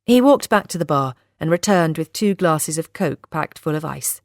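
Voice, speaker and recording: A woman narrating a first-person novel in a measured, steady reading. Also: deep voice, no room sound, clean studio sound. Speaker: audiobook narrator.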